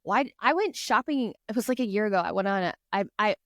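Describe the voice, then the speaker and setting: A woman's voice: mid-range voice, animated, fast, fairly bright tone, no echo, studio quality. A woman guest on a podcast, telling stories in an earnest, encouraging, chatty way. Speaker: guest author. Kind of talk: casual podcast chat.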